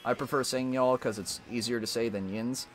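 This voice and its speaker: An American man streaming a racing game, chatting in a rambling, animated way with frequent restarts. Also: mid-range voice, moderate pace, soft background music. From United States. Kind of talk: casual gaming chat.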